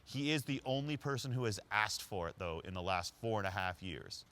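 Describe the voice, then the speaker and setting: A man acting out a streetwise homeless man who is tough but kind, in a louder, higher, emphatic voice. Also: lively intonation, fairly quick. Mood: earnest.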